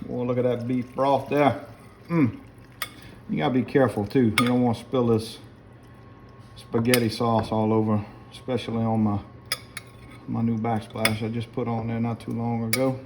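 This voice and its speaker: A man's voice: medium pitch, level tone, moderate pace, pauses often, darkish tone, a little hiss or hum. A middle-aged man with a South Louisiana accent, chatting folksily to viewers while he cooks in his home kitchen. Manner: folksy and chatty, keeps addressing viewers as guys. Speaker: home cook. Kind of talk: casual cooking demonstration. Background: pots and utensils clinking.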